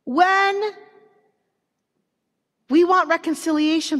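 Animated woman preacher, high voice. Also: fairly quick. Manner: animated storytelling with many "like" fillers, acting out quotes. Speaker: preacher and conference speaker. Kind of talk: sermon. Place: large conference hall. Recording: long reverb of a large hall.

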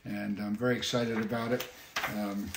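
A man hosting a casual livestream from his home, talking in a rambling, halting way with many fillers. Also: lowish voice, flat delivery, roomy sound, background noise. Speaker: musician hosting a weekly livestream.

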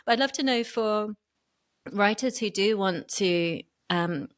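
A woman's voice: mid-range voice, slow pace. A woman interviewer asking a long, thoughtful question with slightly hesitant phrasing.

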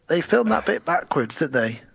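Gravelly man retelling a film. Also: on the high side, moderate pace, dry recording, rough recording. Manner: animated retelling, quoting characters in put-on voices. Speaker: podcast co-host. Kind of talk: casual film review chat.

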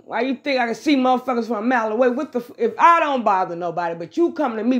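A woman's voice: a little high, fast talker, lo-fi sound. Blunt, profane woman ranting to viewers. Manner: animated, blunt and profane, talks straight to her audience. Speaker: vlogger doing a live tarot reading.

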